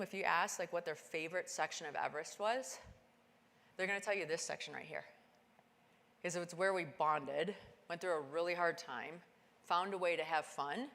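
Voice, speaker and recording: A woman giving a motivational keynote talk, telling a climbing story and acting out the dialogue with sudden bursts of high excitement. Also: big-room sound. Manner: animated, acts out dialogue with sudden high-pitched exclamations. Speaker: keynote speaker. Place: conference stage in a large hall.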